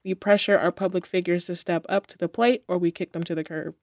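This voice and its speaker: A woman hosting, reading out measured questions to the panel. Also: fairly low pitch, fairly even intonation, a little mellow, no echo. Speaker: host.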